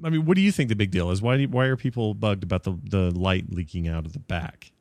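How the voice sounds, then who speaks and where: A man co-hosting a podcast, chatting casually in a slightly low voice and breaking into laughter easily. The sound is dry and close, with little room around it. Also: fast talker, darkish tone, dry recording. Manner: joking, laughs often, chatty. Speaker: podcast co-host. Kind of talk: casual chat.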